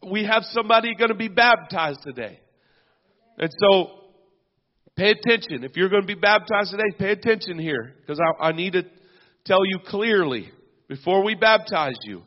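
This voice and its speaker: A man's voice: sits high, lively intonation, normal speed. A man preaching a sermon as pastor, punctuating his points with amens and hallelujahs. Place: church sanctuary. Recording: dull lo-fi sound with long church reverb.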